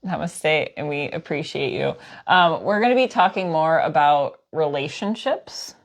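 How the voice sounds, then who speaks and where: Woman co-host, gravelly low voice, giggly, rambling, easygoing live-stream chat. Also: animated, measured pace.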